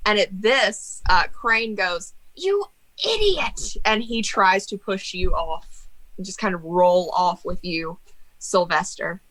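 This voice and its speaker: Bright-voiced young woman running a tabletop game. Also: on the low side, slow, poor audio. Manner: animated, laughing, mock-angry banter. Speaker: game master.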